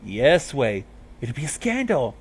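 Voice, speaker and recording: A man's voice: medium pitch, sing-song, measured pace, breathy edge. A man voicing a brash, cool young vampire mare DJ who talks casually and teases bluntly. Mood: teasing.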